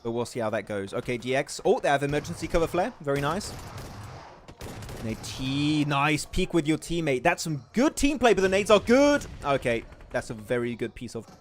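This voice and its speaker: With a fairly high pitch and a moderate pace, this young English caster commentates a mobile esports livestream over slight background noise. He reacts eagerly to plays and reads the chat aloud.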